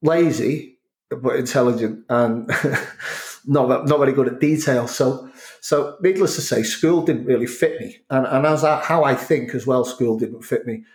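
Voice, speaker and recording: A man's voice: mid-range voice, a little slow, a little mellow, roomy sound. A middle-aged man from North Wales with a North Welsh accent touched by Scouse and Manchester, talking reflectively in a casual conversation and often restarting his sentences. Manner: reflective, rambling with many restarts. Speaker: interview guest.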